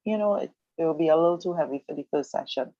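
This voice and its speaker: A woman gives a language lesson on the radio, explaining with patience and saying words again slowly. Her voice sits low and mellow. The sound is dry, close and muffled. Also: dry recording. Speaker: Spanish teacher.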